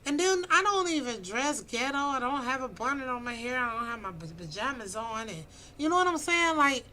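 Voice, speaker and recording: A woman's voice: sits high, expressive, fairly quick, bright, forceful tone, slight background noise, poor audio. A woman in her fifties talking bluntly and preachily into her phone about dating, with emphatic outbursts. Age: 50s. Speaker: vlogger giving dating advice. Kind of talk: casual opinionated monologue.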